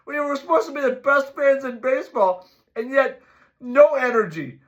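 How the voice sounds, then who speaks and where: A man's voice: very high voice, normal speed, highs cut off. A middle-aged man hosting a sports show, ranting emphatically and repeating catchphrases to his viewers.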